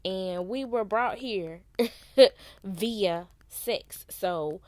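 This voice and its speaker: A woman giving a casual, unhurried tarot reading in a conversational style, using loose slang. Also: medium pitch, no echo. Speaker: tarot reader.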